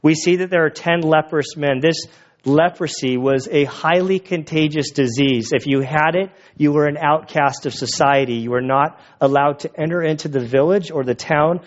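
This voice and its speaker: A man preaching a sermon in a conversational, animated way, retelling the story and acting out the voices of its people. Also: on the high side, moderate pace, dull audio. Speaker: pastor.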